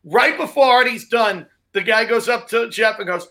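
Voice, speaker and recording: A male comedian tells a rambling, profane backstage story in a casual chat. His voice is high and bright. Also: moderate pace. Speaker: comedian guest.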